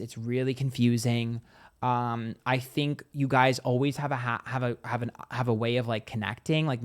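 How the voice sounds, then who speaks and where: A man at an ordinary middle pitch gives a loose, chatty tarot reading straight to his viewers. He swears freely and drifts into acting out small imagined scenes. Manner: chatty and profane, acts out little scenes. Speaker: tarot reader. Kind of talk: casual tarot reading to camera.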